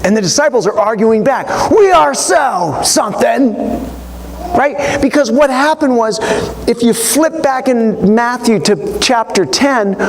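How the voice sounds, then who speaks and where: A male pastor preaching a sermon in a church, telling the story in an animated way with quoted voices. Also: very high-pitched, a little hiss or hum.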